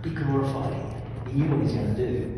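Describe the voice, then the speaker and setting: A man preaching a charismatic sermon, fervent, swinging from soft asides to loud commanding shouts. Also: medium pitch, fast talker, background noise. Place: large hall with long echo. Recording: echoey hall from far off, faint ambience.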